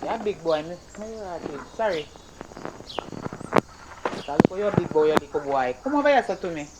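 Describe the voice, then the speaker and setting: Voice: medium pitch, animated, very noisy, lightly acted. Performer playing a bossy Jamaican mother. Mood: scolding. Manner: scolding, bossy, rapid patois. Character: stern broke Jamaican mother scolding her son. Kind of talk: comedy skit acting.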